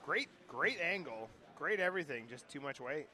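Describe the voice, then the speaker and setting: A man's voice: a little high, lively intonation, moderate pace, pushed and bright. A man giving casual, joking live commentary on a curling match. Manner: joking, chatty, laughs often. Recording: crowd chatter in a busy club.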